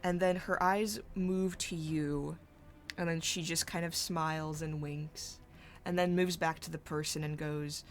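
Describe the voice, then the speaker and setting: A woman narrating a tabletop role-playing game as game master, halting and searching for her words as she describes scenes. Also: low-pitched, fairly even intonation.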